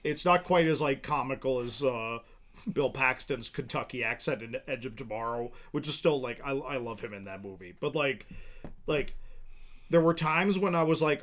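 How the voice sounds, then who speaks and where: A man co-hosting a casual film podcast, talking in loose, rambling runs full of "like" and restarts. His voice sits at an ordinary middle pitch. He sounds relaxed and conversational, thinking aloud as he goes. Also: moderate pace. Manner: rambling, many fillers and restarts. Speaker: podcast co-host.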